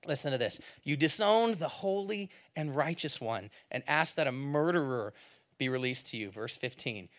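A man preaching a sermon, moving between quiet, low asides and loud, emphatic passages while reading scripture aloud. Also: a little slow. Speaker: pastor.

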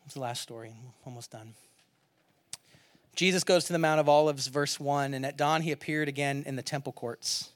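A man with a bright, fairly high voice delivers a sermon with lively storytelling, pushing certain points out loudly and dropping others almost to a hush. The sound is dry and close to the mic. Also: moderate pace, dry recording. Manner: animated storytelling, swings from loud to quiet. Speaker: pastor.

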